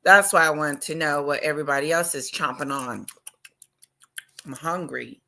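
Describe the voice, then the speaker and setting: A woman hosting a casual livestream chat, talking loudly and excitedly and greeting viewers by name. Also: sits low, moderate pace, vocal fry. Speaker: livestream host.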